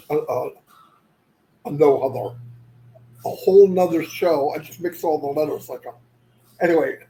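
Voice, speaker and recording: A man's voice: fairly high pitch, warm tone, rough recording. A man chatting casually on a livestream, rambling and losing his thread, often moving on with "anyway". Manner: says "anyway" often to move on. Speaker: livestream host.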